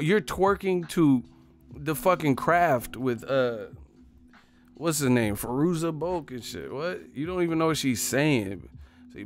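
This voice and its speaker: A man on a profane, animated comedic rant, laughing often as he talks. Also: a little high.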